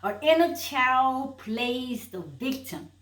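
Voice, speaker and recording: A woman's voice: sits high, very animated, slow pace, a bit bright, echoey room, rough recording. A woman giving an emphatic motivational talk, repeating rhetorical questions and building to a point. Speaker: inspirational speaker. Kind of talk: motivational preaching monologue.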